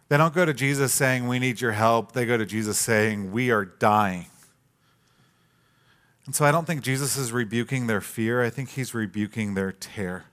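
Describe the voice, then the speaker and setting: Animated male preacher retelling a story. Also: medium pitch. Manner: animated storytelling, acts out quoted lines. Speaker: pastor. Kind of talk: sermon.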